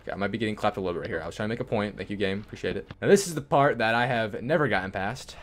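A young man giving casual gameplay commentary, swearing and swinging between yelling and low mumbling. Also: racing. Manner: swears and insults the game. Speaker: gaming YouTuber.

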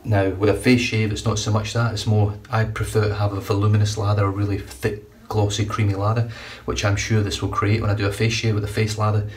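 A man's voice: on the low side, flat delivery, fairly quick, hardly any pauses. A man casually reviewing shaving products, chatty and enthusiastic, a little rambling. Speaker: shaving vlogger. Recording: distant mic, faint room noise.

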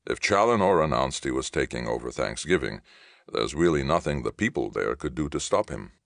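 A man voicing a measured older doctor. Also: very deep voice, animated, gravelly, no room sound, clean studio sound, heavily acted. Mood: concerned. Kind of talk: audiobook reading.

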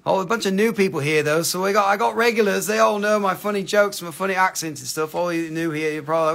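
A man's voice: high-pitched, quick pace, gravelly, few pauses, fairly bright tone. A man with an Appalachian accent hosting a casual livestream to sell minerals, joking around and rambling with lots of "you know". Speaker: livestream host selling minerals.

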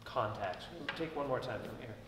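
A man's voice: mid-range voice, moderate pace, noisy background. A man teaching a violin master class, giving constructive feedback and thinking aloud with frequent restarts. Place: concert hall, indoors. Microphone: distant room mic. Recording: echoey hall from far off. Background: violin and piano playing.

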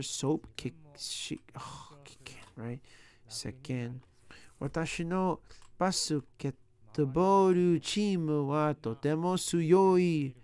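A man's voice: a little high, mellow, smooth. A man working aloud through practice sentences, sounding out words and joking to himself as he studies. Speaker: language learner. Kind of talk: self-talk while studying.

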